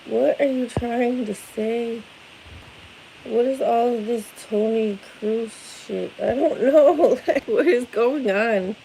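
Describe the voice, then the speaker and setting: Tired, rambling woman livestreaming, slightly high voice. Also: takes it slowly, gravelly, slight background noise, poor audio. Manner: rambling, swears freely, yells playfully to wake her kid. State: tired from no sleep. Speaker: parent livestreaming. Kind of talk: casual livestream chat.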